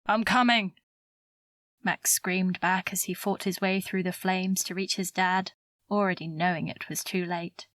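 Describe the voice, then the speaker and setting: A woman narrating an audiobook novel in a measured, even storytelling voice, close to the mic. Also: lowish voice, no echo. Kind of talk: scripted narration.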